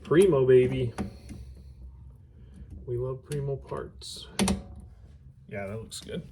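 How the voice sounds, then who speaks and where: A man hosting a casual bike build vlog, excitable and joking, often stammering and restarting his sentences in a home workshop. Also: medium pitch, takes it slowly, slight background noise. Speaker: channel host.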